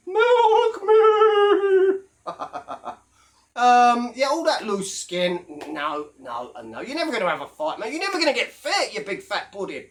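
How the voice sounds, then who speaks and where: A man's voice: very high voice, fairly bright tone. Man, casual vlog rant, brash, sweary, mocking. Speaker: YouTube commentator. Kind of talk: casual ranting monologue.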